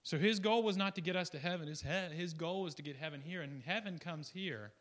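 A man preaching a casual sermon in a bright, somewhat high voice. He rambles and restarts, drops into quiet asides, then jumps up into loud, excited bursts. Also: a little fast. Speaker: guest preacher. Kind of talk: informal sermon.

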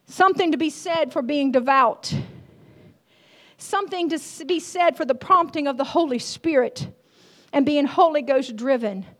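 A woman with a high voice preaches a sermon to a congregation. She calls out to the listeners and builds to loud, fervent peaks. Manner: call-and-response, swelling to loud fervent peaks.

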